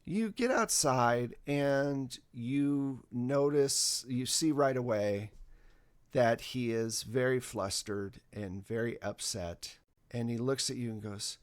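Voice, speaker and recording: A man at a middle pitch narrates a tabletop game as its game master. He tells the story in a loose, relaxed way and uses plenty of fillers. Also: slow.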